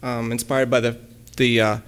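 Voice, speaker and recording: A man giving a relaxed lecture at a college, hesitating often with ums and restarts and reading his own poems aloud. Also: medium pitch, moderate pace, clear, resonant tone. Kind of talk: casual lecture with poem readings.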